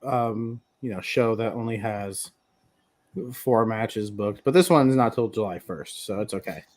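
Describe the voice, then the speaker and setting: A man's voice: fairly low pitch, a little slow, darkish tone. A man co-hosting a podcast in casual chat, hesitant and full of fillers. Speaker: podcast co-host.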